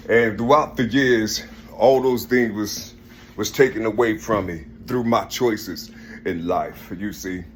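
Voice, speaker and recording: A man's voice: on the low side, slow, slight background noise. A man talking in a rambling, casual monologue, laughing often and repeating "listen" and "you see" as he addresses an unseen listener.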